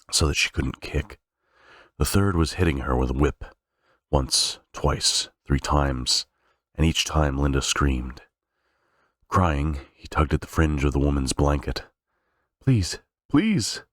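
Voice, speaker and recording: A man with an extremely deep voice reads from a novel at sight, unrehearsed, pausing now and then to correct slips and restart phrases. The recording is dry and close-miked, with no room sound.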